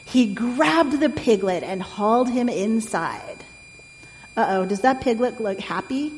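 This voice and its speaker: A woman reading a picture book aloud in a gentle way, asking the listener questions, recorded in an echoey room with a faint hum. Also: on the high side, expressive, measured pace. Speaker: storyteller.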